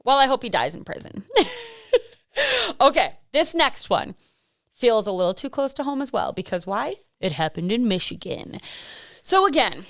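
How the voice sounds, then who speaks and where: This Midwestern podcast co-host has a high-leaning voice with wide pitch swings, a moderate pace and frequent pauses. She spins true-crime stories in a rambling, chatty style, laughing often and using plenty of fillers. The recording is dry and studio quality.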